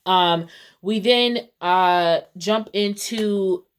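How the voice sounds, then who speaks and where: A woman casually recapping a TV episode, acting out the characters' lines with quick shifts in voice. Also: mid-range voice, clean tone. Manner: animated, switching voices for quoted characters. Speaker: TV recap vlogger.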